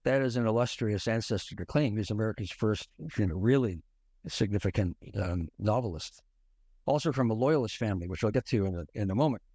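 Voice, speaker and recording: Low-voiced man explaining history. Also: brisk, mellow, no echo, studio quality. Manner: thoughtful, explanatory, many restarts. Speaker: podcast guest. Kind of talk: conversational history discussion.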